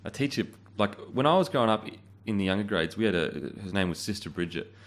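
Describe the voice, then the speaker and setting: Deep-ish aussie guy, chill and blunt, swears a bit. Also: expressive, fast talker. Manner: laid-back, blunt, swears casually. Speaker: host. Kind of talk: casual chat.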